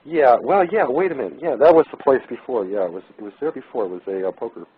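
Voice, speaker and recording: Husky-voiced guest on a tinny phone line. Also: male voice, medium pitch, lively intonation, quick pace. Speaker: regular call-in guest. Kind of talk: casual chat.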